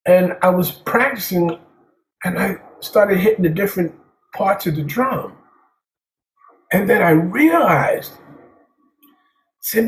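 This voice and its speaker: A jazz drummer, a guest in a casual interview, rambles through his stories, repeating words and saying "man" often. His voice is high and animated, a little slow, and the room is echoey.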